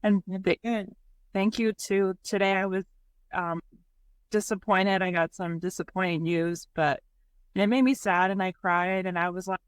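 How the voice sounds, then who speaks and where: A woman on a casual group call, speaking softly and reflectively. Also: medium pitch, steady tone, a little slow, clear, resonant tone, no echo. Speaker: mastermind group member.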